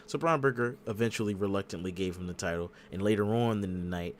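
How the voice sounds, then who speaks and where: A man hosting a casual wrestling podcast, telling the story with lively acted-out quotes. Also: deep voice, fast, a little hiss or hum. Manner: animated storyteller acting out quotes. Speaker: podcast host. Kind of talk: casual wrestling recap chat.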